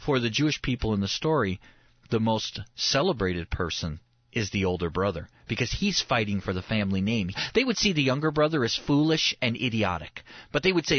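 A man preaching a sermon. He acts out the lines of the figures in the story with lively energy. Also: fairly low pitch, fairly quick, no room sound, highs cut off. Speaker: pastor.

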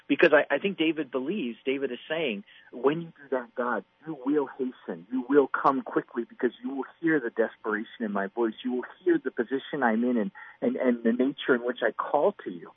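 A man's voice: medium pitch, fairly quick, few pauses, husky, no echo. A middle-aged man, a father, teaching from the Bible in an earnest, emphatic conversational way on a radio program. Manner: earnest, emphatic, acts out quoted pleas. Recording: dry, phone-like radio sound.

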